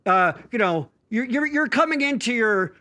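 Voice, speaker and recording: A man co-hosting a casual chat show, excitable, jokey and rambling as he talks. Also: very high voice, moderate pace. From Pennsylvania. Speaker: podcast co-host.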